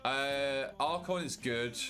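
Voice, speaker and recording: A young British streamer sits in a walk-in wardrobe at home, reading and answering his chat slowly in a mid-range voice with a sharp tone. His talk is loose and casual with free swearing, and faint music plays behind him.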